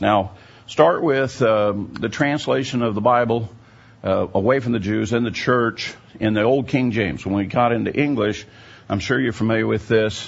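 A man's voice: fairly low pitch, vocal fry, breathy edge. A man giving a teaching sermon, explaining at length and often checking in with his listeners. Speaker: Bible teacher. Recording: dull lo-fi recording.

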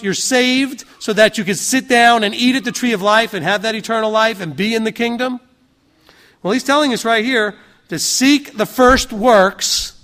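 A man's voice: high voice, a bit bright. A man preaching a sermon to his congregation in a conversational way, asking rhetorical questions and acting out what other people say. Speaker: pastor.

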